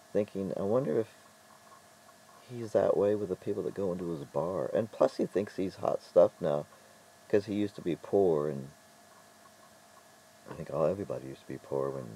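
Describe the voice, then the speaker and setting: A middle-aged man telling stories in a casual vlog monologue, rambling and halting with frequent restarts. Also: low voice, gravelly, warm tone, a little hiss or hum, low-quality recording. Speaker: vlogger.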